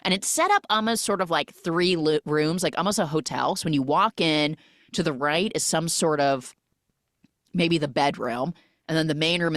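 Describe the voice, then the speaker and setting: A woman hosting a podcast, recapping a film in a casual, animated storytelling way and acting out the characters' lines. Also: sits low, no echo, studio quality. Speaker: podcast host.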